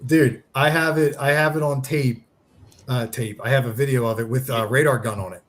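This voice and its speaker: Speaking at a fairly quick clip in a medium pitch, a man, a charity founder who is a guest on a relaxed podcast, spins out a lengthy sports tale. He's a lively storyteller who performs the quotes as he goes.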